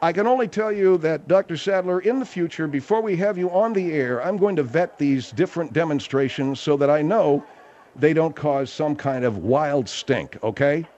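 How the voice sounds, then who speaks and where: A man's voice: fairly high pitch, moderate pace, a little mellow. A man hosting a comic radio talk show, blunt, bossy and exasperated. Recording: dull lo-fi radio recording.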